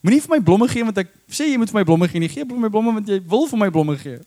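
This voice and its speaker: A man putting on the voice of an exasperated wife complaining to her husband, with a rapid, high-pitched mock complaint. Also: animated, dark tone.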